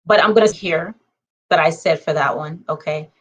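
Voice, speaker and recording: A woman vlogger speaking in a casual monologue, conversational and animated, checking in with her viewers and counting off her points. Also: normal speed, husky, highs cut off. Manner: conversational, punctuates points with "okay?" and numbered lists; animated, swings between low asides and excited high bursts.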